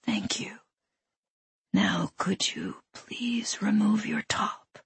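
A woman voicing a menacing masked male intruder in a whispered role-play, with soft, calm, coldly courteous threats. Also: high-pitched, very slow, creaky, husky, no room sound, pitched above the performer's own voice, full character voice.

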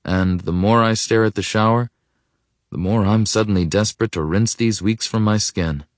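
A man narrating a first-person audiobook in a reflective, intimate way that often drops to a hush. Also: on the low side, normal speed, no echo, studio quality. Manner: reflective, intimate, softening to hushed.

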